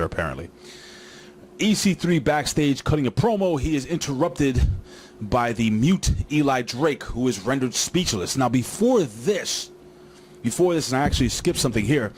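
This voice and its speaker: A man's voice: medium pitch, slight background noise. A man recapping a wrestling show in a casual, rambling way, joking and talking straight to his viewers.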